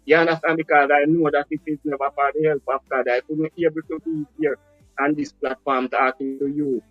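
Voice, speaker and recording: A man's voice: fairly high pitch, animated, a little fast, no echo, faint music behind. Jamaican man on a dull phone call. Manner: earnest, speaks in Jamaican patois-tinged English. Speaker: interview guest. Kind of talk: casual storytelling interview. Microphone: phone on a live call.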